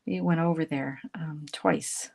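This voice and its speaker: A woman hosting a live card-making demonstration. She chats brightly with viewers and greets them by name while she works. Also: deep voice, steady tone, unhurried, creaky, husky. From Canada. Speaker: craft instructor hosting a live stream.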